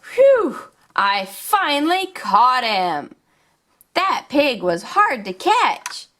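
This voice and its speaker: Eager young male puppy, as a woman puts him on, high and excited, for a toy play video. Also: slow, exaggerated voice.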